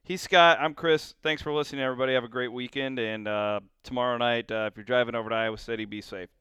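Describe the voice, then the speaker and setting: A man's voice: mid-range voice, fairly even intonation, fast talker, fairly bright tone, clean tone, dry recording. A man hosting a podcast, talking in a laid-back, joking way. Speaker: podcast host. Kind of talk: casual podcast conversation.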